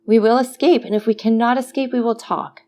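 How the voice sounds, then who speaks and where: A woman's voice: a little high, steady tone, brisk, a little mellow, pitched above the performer's own voice, lightly acted. A woman voicing a desperate young male prisoner who pleads fervently. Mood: pleading. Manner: fervent, imploring.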